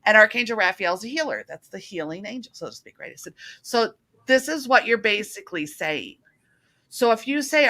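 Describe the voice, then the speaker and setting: Bright-voiced chatty woman host. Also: mid-range voice, moderate pace. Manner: chatty, earnest, animated storytelling. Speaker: talk show host. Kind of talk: casual spiritual chat.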